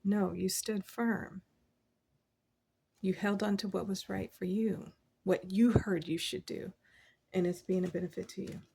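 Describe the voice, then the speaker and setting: A woman talks through a tarot reading in a relaxed, chatty way, cheering the listener on and dropping in lines of scripture. Her voice sits at a middle pitch with a gravelly, creaky texture. She laughs easily between thoughts. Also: a little slow, long pauses, a little hiss or hum. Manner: encouraging, chatty, laughs often; quotes scripture. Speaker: tarot reader. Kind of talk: casual spoken tarot reading.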